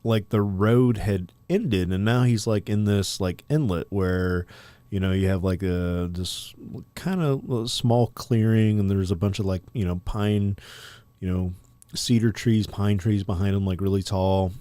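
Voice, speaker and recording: A man's voice: low voice, fairly even intonation, a little slow, warm tone, no room sound. A man co-hosting a podcast, telling a story in a rambling, casual way full of fillers and profanity. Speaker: podcast co-host.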